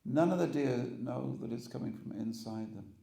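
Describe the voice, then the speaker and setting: A man's voice: mid-range voice, moderate pace, gravelly, roomy sound. A man preaching to a congregation, telling stories and acting out the characters. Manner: animated storyteller acting out characters. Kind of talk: storytelling sermon. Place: temple hall with audience.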